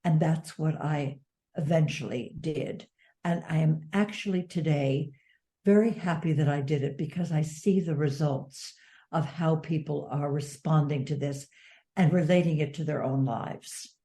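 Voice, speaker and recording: An older woman author speaking in an interview, earnest and measured. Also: sits low, mellow. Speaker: author and advocate. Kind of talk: interview conversation.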